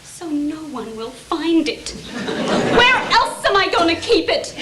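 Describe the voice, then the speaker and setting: An actress playing a frantic, exasperated wife who has just been burgled, sarcastic and indignant, on a live stage. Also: female voice, very high-pitched, sing-song, slow pace, over a noisy crowd, full character voice. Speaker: stage actor. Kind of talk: live amateur stage comedy. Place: theatre stage. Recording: echoey hall, noisy audience recording.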